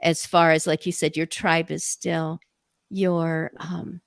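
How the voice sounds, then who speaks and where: A woman's voice: low voice, little pitch movement, takes it slowly, gravelly, no echo, studio quality. An older woman hosting a podcast, chatting casually and telling stories with enthusiasm. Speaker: podcast host. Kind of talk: casual interview chat.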